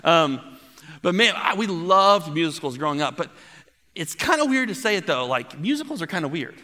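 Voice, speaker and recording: Animated man preaching a sermon in a reverberant hall. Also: fairly high pitch, normal speed. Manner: animated, storytelling with playful asides. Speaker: pastor.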